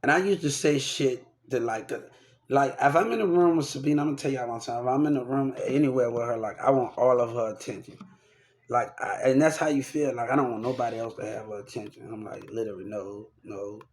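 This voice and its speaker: A man's voice: medium pitch, brisk, a little mellow. A young man talking in a rambling, repetitive and profane way, venting about people in his life in a casual rant to camera. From Texas.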